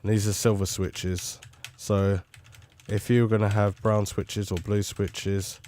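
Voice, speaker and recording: A man's voice: lowish voice, little pitch movement, slow, dark tone, a little hiss or hum. A man talking casually and rambling a little as he tests a studio condenser microphone at his desk at home. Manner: rambling, chatty, self-commenting. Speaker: tech reviewer. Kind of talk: casual microphone test talk. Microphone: close studio condenser mic.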